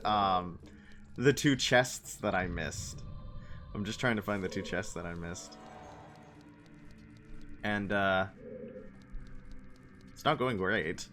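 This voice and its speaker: A man's voice: fairly low pitch, animated, a little slow, long pauses, bright, forceful tone, a little hiss or hum. A young man chatting casually while streaming a game, rambling and answering his chat's messages. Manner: meandering, answers chat messages aloud. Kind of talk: casual gaming livestream chat.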